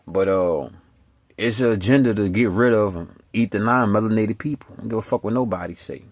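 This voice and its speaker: A man talking straight to camera, profane and emphatic in rambling street slang. His voice sits fairly low. The recording is dry and close, with no room sound. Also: fairly quick, no room sound. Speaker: vlogger. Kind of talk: rambling casual storytelling.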